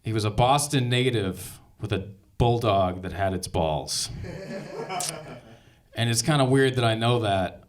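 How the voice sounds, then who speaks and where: A man doing a stand-up set on a comedy club stage, telling deadpan stories. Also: on the low side, unhurried. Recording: loud crowd laughter. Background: audience laughter.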